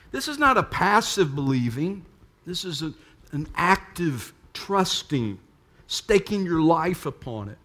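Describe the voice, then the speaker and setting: A man's voice: a little high, sing-song, a little slow, pushed and bright. A man preaching a sermon, full of rhetorical questions to the congregation. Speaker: pastor.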